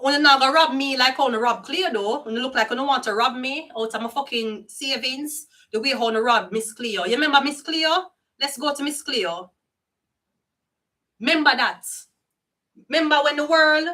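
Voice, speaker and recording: An older woman with a Jamaican accent rants through a tarot reading, swearing freely and sliding into patois. Her voice is high and bright, and she sits some way back from the mic. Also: normal speed, far from the mic. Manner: profane, heated, slips into patois. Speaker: tarot reader. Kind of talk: casual ranting monologue.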